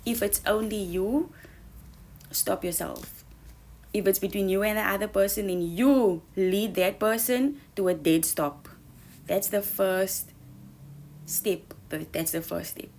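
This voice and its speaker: A woman giving an earnest motivational talk, coaching listeners and calling them babes, sometimes dropping to a soft whisper for emphasis. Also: mid-range voice, takes it slowly, pauses often. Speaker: self-help speaker. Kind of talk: motivational monologue.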